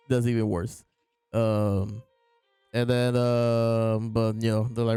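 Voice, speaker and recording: A man's voice: medium pitch, steady tone, takes it slowly, dark tone, clear, resonant tone, no echo. A man hosting a casual chapter review, retelling scenes by quoting the characters in his own voice over faint background music. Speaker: host reviewing comic chapters.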